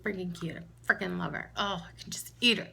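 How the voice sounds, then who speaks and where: A woman with a New York accent, vlogging and telling a story in a chatty, animated way, quoting herself in a raised voice. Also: fairly low pitch, a little fast, creaky, slightly rough. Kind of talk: casual storytelling vlog.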